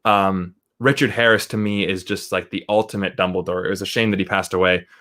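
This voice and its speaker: A man's voice: sits low, fairly even intonation, brisk, bright, forceful tone. A man who is a guest film critic chatting casually, rambling along and often checking in with "right?". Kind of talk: casual chat.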